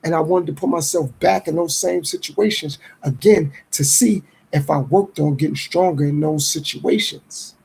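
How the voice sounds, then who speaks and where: A man's voice: on the high side, creaky, darkish tone, breathy edge, rough recording. A middle-aged man hosting a podcast, reflecting in a streetwise, casual monologue. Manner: reflective, streetwise, acts out others' lines in quick voices. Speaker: podcast host.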